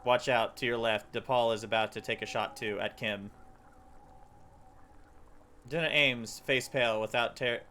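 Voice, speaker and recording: A man's voice: medium pitch, normal speed, pauses often, a little hiss or hum. Man streamer reading game text aloud. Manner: animated reading with stumbles and laughs.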